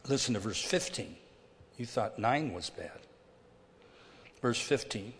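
A man preaching a sermon as pastor, emphatic and deliberate, his delivery swinging between hushed and loud. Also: mid-range voice, lively intonation, vocal fry. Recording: long hall reverb.

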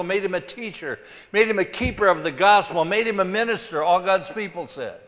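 A man preaching a sermon as pastor, swinging between loud emphasis and quiet asides. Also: sits high, a little fast, few pauses, in a large hall.

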